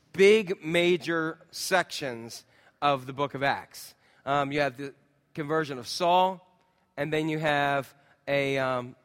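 Chatty pastor, slightly high, in a hall. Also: male voice, a bit bright. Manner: chatty, talks with the crowd, many ums. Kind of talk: casual sermon.

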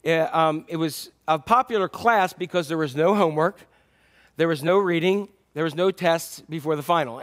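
A male pastor telling stories in a sermon, acting out the animals in the tale. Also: a little high. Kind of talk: sermon storytelling.

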